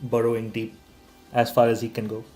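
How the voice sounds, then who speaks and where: A man's voice: mid-range voice, completely flat delivery, brisk, a little mellow, soft background music. Male tabletop player, matter-of-fact, roomy echoey recording. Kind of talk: tabletop role-play, describing actions. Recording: roomy echo.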